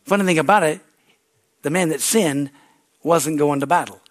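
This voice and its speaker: A man's voice: fairly high pitch, moderate pace. A man pastor preaching a sermon, fervent and repetitive, with call-and-response asides.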